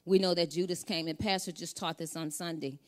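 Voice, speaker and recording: A woman's voice: fairly low pitch, fairly even intonation, a little fast. A middle-aged woman preaching a sermon, reading scripture and building to fervent calls for the congregation to repeat after her.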